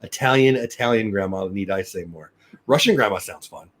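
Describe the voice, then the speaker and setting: A man's voice: lowish voice, fairly quick. A middle-aged man hosting a daily live news show, rambling upbeat chat and thanking viewers by name. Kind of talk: casual live-stream chat.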